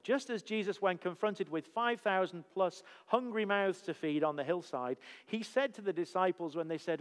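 A man delivers a sermon from the front of a church, his slightly raised voice ringing out with a long reverb. He builds his points through emphatic rhetorical questions in a steady preaching cadence. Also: fairly high pitch, brisk, hardly any pauses. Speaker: pastor.

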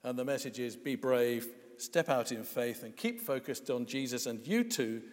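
A man preaches a sermon in a relaxed, conversational way, dropping in wry asides and small hesitations. His voice sits at an ordinary pitch. A long reverb trails each phrase, as in a large church hall. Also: moderate pace.

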